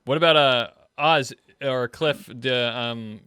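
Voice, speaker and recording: A man's voice: mid-range voice, takes it slowly, pushed and bright, clean tone, no room sound. Rambling male host, dry sound. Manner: rambling, restarts questions. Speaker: show host. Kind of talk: casual panel chat.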